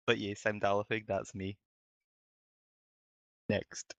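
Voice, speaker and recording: A man's voice: on the low side, little pitch movement, slow, a bit bright, no room sound. A man playing in a tabletop game stream, joking and bragging playfully with his friends. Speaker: player. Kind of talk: casual chat at a game table.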